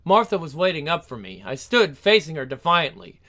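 A man's voice: a little high, sing-song, moderate pace, pushed and bright, exaggerated voice. A man voicing a headstrong young woman who tells her own story with melodramatic flair. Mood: wistful.

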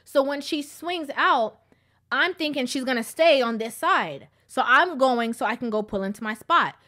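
A woman's voice: high voice, lively intonation, moderate pace, bright, forceful tone. A woman telling a personal story in a casual, preachy way, repeating points for emphasis.

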